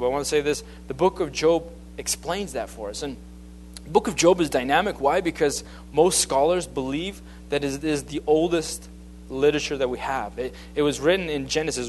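A man's voice: on the high side, a little fast, a little mellow, slight background noise. A man preaching a sermon, talking off the cuff and often stopping to restart or repeat words.

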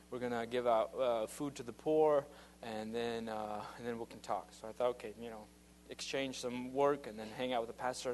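A man's voice: mid-range voice, a little hiss or hum. A man giving a casual, earnest spoken testimony as a youth minister, rambling with many fillers and restarts.

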